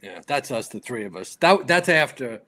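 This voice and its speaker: A man in his fifties from New York, a retired firefighter and podcast guest, telling stories in a lively way and acting out other people's lines. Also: mid-range voice, moderate pace. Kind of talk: casual storytelling interview.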